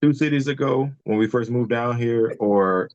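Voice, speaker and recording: A man's voice: mid-range voice, normal speed, darkish tone, clean tone, no echo, highs cut off. Man venting frankly on a call. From Detroit, Michigan. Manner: candid and fired-up, swears freely, repeats himself when heated. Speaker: podcast guest. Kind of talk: casual chat over video call. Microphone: remote video call.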